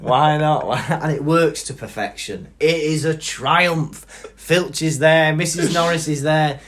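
A man's voice: fairly high pitch, slow, a bit bright. A man co-hosting a casual chat show, playful and prone to jokey voices. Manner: playful, does silly character voices. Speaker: podcast co-host.

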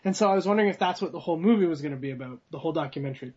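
A man's voice: on the high side, expressive, rapid-fire, darkish tone, breathy edge, highs cut off. A man who is a guest on a podcast, calling in over a video call and telling rambling stories with some laughs.

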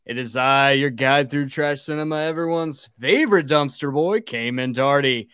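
A man's voice: medium pitch, moderate pace, a bit bright, clear, resonant tone, dry recording, studio quality. A man hosting a casual podcast, swearing freely and getting drunk as he talks. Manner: profane, rowdy and joking. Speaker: podcast host.

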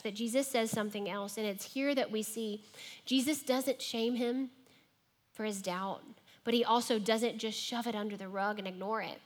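A woman preaching a sermon in a church, gentle and reflective, often dropping her voice to a near whisper. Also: a little high.

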